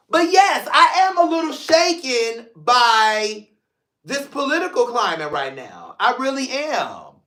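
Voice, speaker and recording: A high-voiced man hosting his own talk show, loose and joking, then turning earnest. His tone is bright and ringing. The room around him echoes. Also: slow pace. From St. Louis, Missouri. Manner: animated, joking, drifts between playful and emotional. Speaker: podcast host. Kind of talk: casual solo livestream talk.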